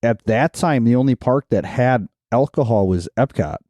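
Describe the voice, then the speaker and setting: A man's voice: mid-range voice, lively intonation, normal speed, dark tone, no room sound. A man co-hosting a podcast, telling a story in a casual chat and laughing often. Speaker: podcast co-host.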